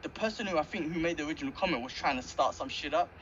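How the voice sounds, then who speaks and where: An adult man, chatting casually on a podcast. His voice sits a little high, and he keeps it loose and animated. The audio is slightly muffled, with a faint hiss underneath. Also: very fast. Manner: animated, laughs often, says "man" and "mate". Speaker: podcast co-host. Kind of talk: casual chat. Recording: slightly dull audio with faint background noise.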